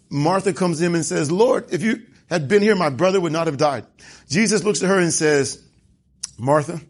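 A man's voice: fairly high pitch, husky. A man preaching a sermon in a conversational way, acting out the dialogue of the scripture passages he reads.

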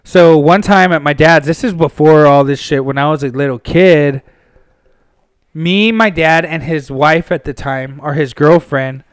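A man's voice: on the high side, a little slow, smooth, no room sound. Profane young man telling stories. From Pasadena, California. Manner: profane, animated storyteller. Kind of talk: casual storytelling.

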